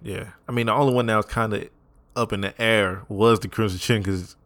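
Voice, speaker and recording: Laid-back deep-voiced young man. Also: fairly even intonation, brisk, fairly bright tone, no echo. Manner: laid-back, slangy, laughs often. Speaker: podcast co-host. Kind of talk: casual podcast chat.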